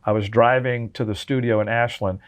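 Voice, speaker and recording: A man's voice: mid-range voice, steady tone, brisk. A man in his sixties, a guest telling heartfelt stories in an interview, earnest and full of restarts. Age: 60s. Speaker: drummer and memoir author, guest. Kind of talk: interview conversation.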